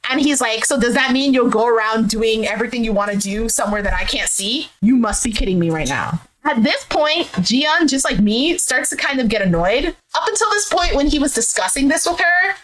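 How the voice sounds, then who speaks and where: A woman's voice: a little high, lively intonation, a little fast, hardly any pauses, fairly bright tone, poor audio. Chatty woman retelling a show. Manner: retells scenes animatedly, acting out quotes with "he's like". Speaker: recap vlogger. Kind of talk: casual show recap. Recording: faint background noise.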